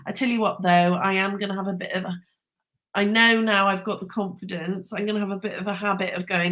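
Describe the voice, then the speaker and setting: A woman, hosting a casual live stream and chatting with viewers in an excitable, rambling way, laughing and correcting herself as she goes. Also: mid-range voice, brisk.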